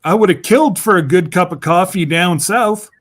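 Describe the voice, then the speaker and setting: A man's voice: high voice, moderate pace, a bit bright. A man chatting casually on a video call, rambling and laughing often. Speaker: regular on a group chat show. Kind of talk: casual chat.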